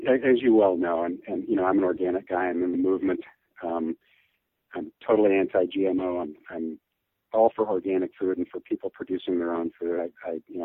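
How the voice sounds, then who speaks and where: A man's voice: low-pitched, husky, no room sound. A man being interviewed as an olive oil distributor, talking earnestly and enthusiastically with frequent restarts. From Midwest US. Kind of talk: podcast interview. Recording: tinny phone line.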